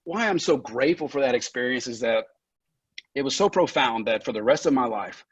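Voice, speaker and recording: Animated and fairly quick, this man has a husky, mid-range voice as he shares his recovery story on a podcast. He founded a recovery center, and he tells it frankly, swearing freely, laughing a lot, and growing emotional at moments. The lo-fi podcast sound is dull, with no room sound.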